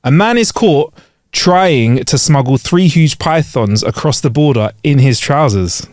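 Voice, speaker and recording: A man reading quirky news stories aloud on a podcast and joking between lines. His pitch bounces around in a lively way. The sound is close and dry, with no room in it. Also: measured pace, no room sound. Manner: jokey, rambling, laughs while reading. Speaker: podcast co-host. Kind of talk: casual comedic news chat.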